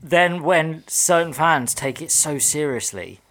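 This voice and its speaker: A man's voice: fairly high pitch, expressive, slow, fairly bright tone. Dry, teasing man in casual chat. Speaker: podcast co-host.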